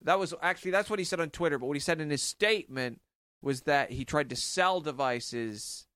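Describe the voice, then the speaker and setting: A man co-hosting a podcast, recounting a story in a deadpan, sarcastic way. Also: on the high side, fairly quick, smooth, dry recording. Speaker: podcast co-host. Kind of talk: casual comedic chat.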